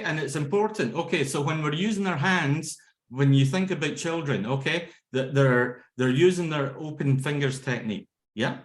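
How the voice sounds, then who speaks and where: A man's voice: on the high side, normal speed. A man teaching laughter yoga over a video call. He talks energetically, breaks into ho-ho-ha-ha-ha chants and laughter, and keeps checking in with "okay?" and "yeah?". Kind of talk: instructional talk with demonstrations. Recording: roomy echo on a video call.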